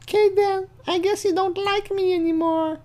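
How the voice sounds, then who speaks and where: A man voicing a needy, clingy young girl chatting online, in a whiny, pleading high voice. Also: fairly even intonation, normal speed, a little mellow.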